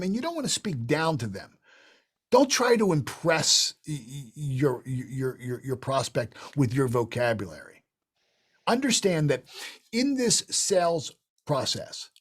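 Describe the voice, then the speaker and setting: A man's voice: a little high, breathy edge. A middle-aged man leading an online sales training session, talking emphatically and shifting his tone to show examples. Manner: animated, emphatic, demonstrates tonalities with quick voice shifts.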